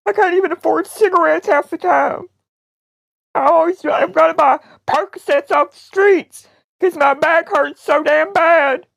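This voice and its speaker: A woman's voice: rumbling low, sing-song, normal speed, vocal fry, no room sound, heavily acted. A woman playing a worn-out, crude older woman on a prank phone call. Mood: sobbing, fed up. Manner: crude, rambling complaints. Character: worn-out older Southern woman, crass and blunt. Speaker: prank caller.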